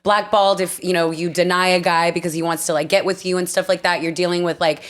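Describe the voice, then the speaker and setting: A young woman talking as a podcast guest in a casual chat, blunt and emphatic, quick to laugh. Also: on the low side, level tone. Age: young adult.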